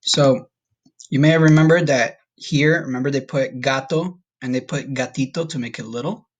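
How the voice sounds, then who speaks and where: A man teaching a recorded Spanish vocabulary lesson, patient and upbeat, slowing down to repeat each word. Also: medium pitch. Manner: patient, slow repetition drills with upbeat asides.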